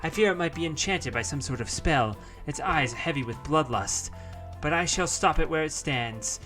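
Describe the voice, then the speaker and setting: Man putting on a pompous young female knight, archaic boasting, raised pitch, bright tone, game reading. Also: expressive, normal speed, faint music behind. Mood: commanding. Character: proud, wordy young female sword knight.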